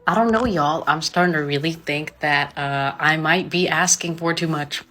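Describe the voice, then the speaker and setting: A woman's voice: low voice, normal speed, sharp tone. A woman in her twenties speaking reflectively and vulnerably in a confessional video monologue. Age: 20s.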